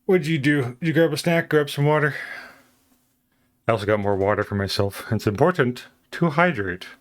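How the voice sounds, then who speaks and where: A man's voice: mid-range voice, expressive, fairly quick. A man livestreaming from home, chatting casually and playfully with his viewers and greeting them as they come in.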